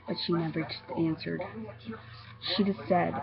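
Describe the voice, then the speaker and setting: Sex: woman. Style: amateur creepy-story narration. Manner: hesitant, halting, low-pitched. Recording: dull lo-fi. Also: level tone, vocal fry, over music. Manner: hesitant, halting, with repeated restarts.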